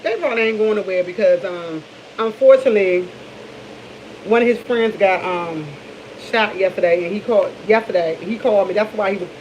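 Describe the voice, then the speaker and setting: A woman's voice: mid-range voice, a little fast, a little mellow. Middle-aged dc woman rambling to the camera, kinda dull recording with faint hiss. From Washington, D.C. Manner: candid, rambling, with many restarts. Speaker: vlogger. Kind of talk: casual morning chat to camera.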